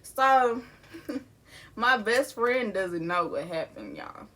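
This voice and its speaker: A woman's voice: on the high side, lively intonation, slow pace, fairly bright tone, slight background noise. A young woman, telling a personal storytime to her viewers in a casual, candid way, laughing now and then. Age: young adult. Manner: casual and candid, laughing through grief, addressing viewers as y'all. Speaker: vlogger. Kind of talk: storytime vlog.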